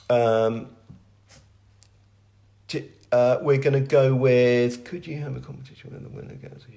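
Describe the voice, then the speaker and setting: A gravelly, mid-range-voiced middle-aged man, a brand owner and creative director, hosts a live Q&A stream from home with family in the room. He rambles and chats in a self-deprecating way, full of fillers and restarts.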